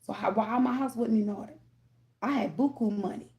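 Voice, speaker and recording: A woman's voice: fairly high pitch, moderate pace, warm tone. A woman giving a candid, rambling tarot reading, often addressing viewers directly and checking in with them. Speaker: tarot reader. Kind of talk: casual spiritual talk to viewers.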